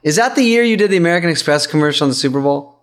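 A man's voice: a little high, lively intonation, very fast. Playful male host asking questions. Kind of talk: casual chat.

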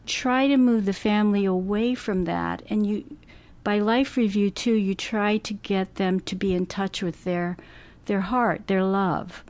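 A middle-aged hospice nurse with a mid-range voice answers interview questions slowly and gently, thinking things through and often restarting her sentences.

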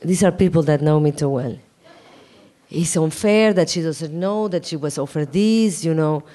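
Animated woman telling a story. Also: deep voice, normal speed. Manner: animated, laughing, acts out quoted dialogue. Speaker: guest answering questions. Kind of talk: casual storytelling and Q&A.

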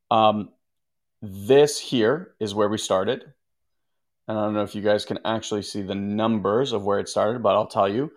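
A man speaking casually on a live stream as a meditation teacher, rambling and reading out viewer comments. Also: on the low side. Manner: rambling and conversational, often restarting sentences. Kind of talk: casual livestream talk to viewers.

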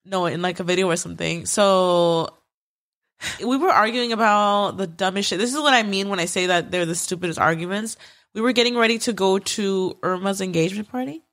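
Speaking briskly at a medium pitch, this young podcast co-host launches into an animated story during a casual conversation. She swears freely and leans on lots of fillers.

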